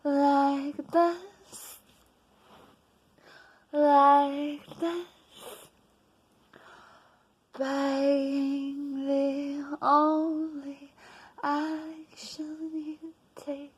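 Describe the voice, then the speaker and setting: Young woman half-singing her poem real slow, kinda flat tune, drops to whispers a lot. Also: sits high. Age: young adult. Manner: slow, drawn-out, half-sung lines that sink into whispers. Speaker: vlogger. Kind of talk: freestyle sung poetry.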